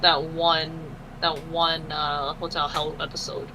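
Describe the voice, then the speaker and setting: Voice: mid-range voice, little pitch movement, slow, background noise. A gamer chatting casually during a let's-play, rambling easily with fillers.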